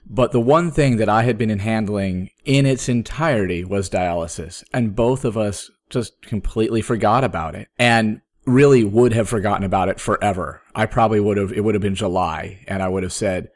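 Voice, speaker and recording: A man in his thirties, a podcast host, telling a personal story in casual chat, with sudden jumps up in pitch when he quotes himself. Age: 30s.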